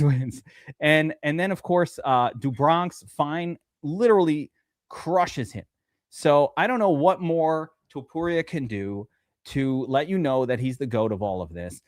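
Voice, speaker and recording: A man talking fantasy sports on a casual podcast, animated and joking, swearing freely. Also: a little high, dry recording, clean studio sound.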